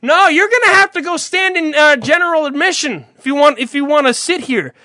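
A man putting on the voice of a grumpy elderly man at a ballpark, dismissive and curt in a strained, high old-man tone. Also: lively intonation, a little fast, bright, forceful tone, no echo, studio quality, full character voice.

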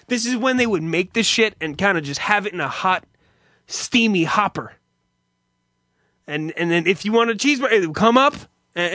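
A man with a high, bright, sharp voice rambles through profane stories and laughs as he talks. The sound is dry and close. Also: no echo. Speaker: streamer host. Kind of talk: casual profane monologue.

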